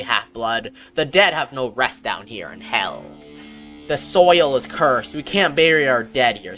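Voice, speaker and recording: A woman reading out a stern female orc warrior's lines in a plain, measured way, with little change from her own voice. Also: a bass voice, pitched below the performer's own voice.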